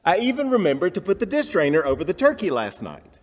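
A man's voice: sits high, huge pitch swings, fast, voice pushed up, full character voice. Cheerful naive young bride, chatty, put on by a male preacher; reverberant church sound.

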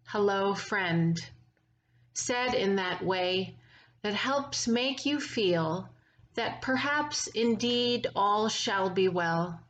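A woman priest giving a gentle, reflective memorial sermon with lingering pauses. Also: mid-range voice, lively intonation, poor audio.

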